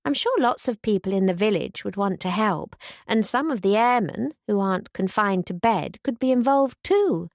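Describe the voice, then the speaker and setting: A woman's voice: mid-range voice, animated, moderate pace, hardly any pauses, dry recording, clean studio sound, natural voice. A woman voicing an eager, bubbly young woman who gushes with enthusiasm. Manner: eager, gushing.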